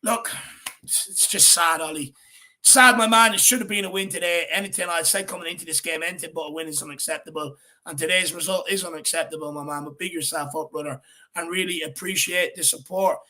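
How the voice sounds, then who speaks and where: Irish guy hosting a footy fan show, high bright voice, pumped up. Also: quick pace. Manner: energetic, calls everyone my man and brother. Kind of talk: casual fan show chat.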